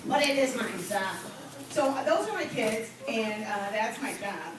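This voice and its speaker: A middle-aged woman doing a stand-up comedy set with chatty storytelling and deadpan asides. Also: a little high, a little slow, crowd noise. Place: comedy venue with live audience. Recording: echoey distant amateur room recording.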